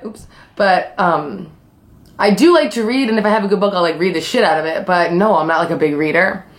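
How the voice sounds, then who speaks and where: A young adult woman chatting casually on camera while eating, rambling through a story with lots of fillers and swearing. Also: lowish voice. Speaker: vlogger.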